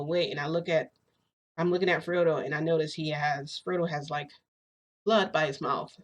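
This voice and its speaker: A woman vlogger telling a long story in a casual, excitable way. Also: on the low side. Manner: excitable, chatty retelling full of "I'm like" and "freaking".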